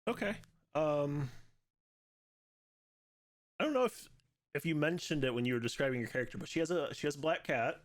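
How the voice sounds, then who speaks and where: A man running a tabletop game as game master, speaking in a relaxed, somewhat hesitant way. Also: fairly high pitch, fairly quick, long pauses.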